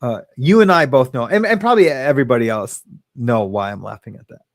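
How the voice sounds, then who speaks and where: A man's voice: mid-range voice, expressive, fairly quick, no room sound. A man hosting a casual livestream from his home, chatting loosely, reading viewer comments aloud and laughing often. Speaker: host. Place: home living room. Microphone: webcam or phone in his home.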